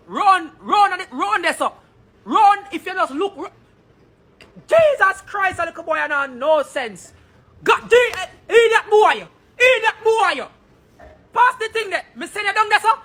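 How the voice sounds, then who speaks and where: A Jamaican woman shouts exasperated orders at a boy from across the room. Her voice is shrill, very high and bright, and it leaps all over the place. She sounds a little distant from the mic. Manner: yells instructions at a boy, calling out to God. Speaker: scolding parent.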